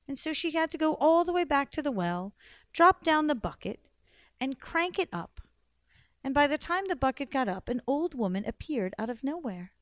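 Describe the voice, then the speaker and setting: A woman storyteller telling a folktale aloud in an expressive, lively way, raising and dropping her volume for drama. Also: sits high, moderate pace, no echo, studio quality.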